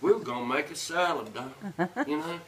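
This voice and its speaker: A man impersonating a worn-out male bandmate, grumbling low about rehearsals. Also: expressive, brisk, crowd noise, natural voice.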